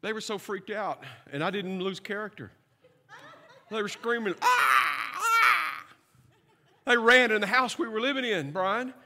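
A middle-aged pastor preaches with a notably high, bright voice, mixing humor and stories into his sermon. He checks in with his listeners as he goes. His voice rings out through a long, reverberant church hall. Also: moderate pace. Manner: humorous storytelling with asides to the congregation.

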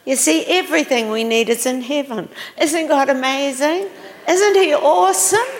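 A woman's voice: sits high, moderate pace. A woman preacher telling stories in a sermon, full of exclamations and questions to her listeners. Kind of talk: sermon storytelling. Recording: long reverb of a large hall.

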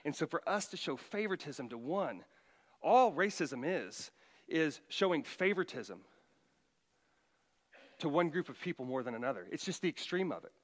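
A middle-aged man preaching a sermon as pastor, emphatic, his voice rising loud for quoted commands. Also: a little high, big pitch swings, normal speed, long pauses, long reverb tail.

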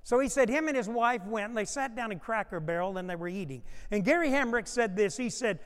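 A man's voice: high-pitched, brisk, fairly bright tone, clear, resonant tone. A man preaching a sermon as a pastor, telling stories and swelling in volume when he acts out what people said. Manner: storytelling preacher who swells in volume when acting out quotes. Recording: long hall reverb.

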